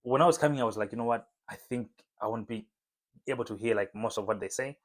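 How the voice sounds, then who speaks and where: A man talking casually to camera in a home vlog, relaxed and chatty with lots of fillers. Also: medium pitch, fast talker. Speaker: vlogger. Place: home room lit by a window.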